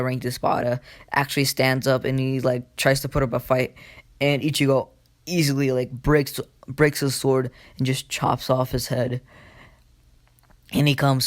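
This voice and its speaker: Young guy rambling thru a fan story, lots of "like" and swearing, kinda flat voice. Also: mid-range voice. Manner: rambling, heavy on fillers and swearing. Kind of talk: casual retelling of a fan story.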